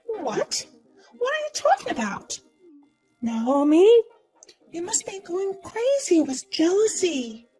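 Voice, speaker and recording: A woman's voice: very high-pitched, big pitch swings, slow, a little mellow, full character voice, poor audio. A woman doing a smug, gloating young woman. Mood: smug taunting. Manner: mocking, sing-song. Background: faint music.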